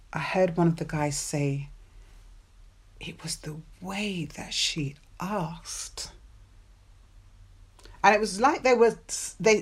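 A woman hosting a podcast, giving relationship advice in a playful, chatty monologue with personal stories and frequent laughs. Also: fairly low pitch. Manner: playful, chatty, laughs often, drawn-out stressed words.

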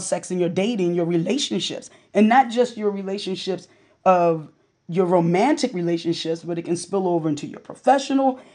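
A woman's voice: medium pitch, darkish tone. Candid woman hosting a podcast. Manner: candid, storytelling, conversational with fillers. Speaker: podcast host. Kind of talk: casual personal monologue.

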